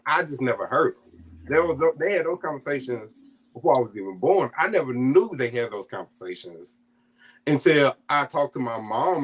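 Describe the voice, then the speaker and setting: A man telling a personal family story in a casual, animated way, laughing often and acting out what his family said. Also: medium pitch. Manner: acts out quoted family voices. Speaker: guest storyteller.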